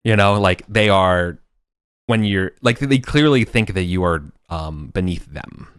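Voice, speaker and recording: Animated low-voiced game master. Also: male voice, measured pace, clean tone, no echo, clean studio sound. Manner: animated, hesitant with restarts. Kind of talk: running a tabletop game.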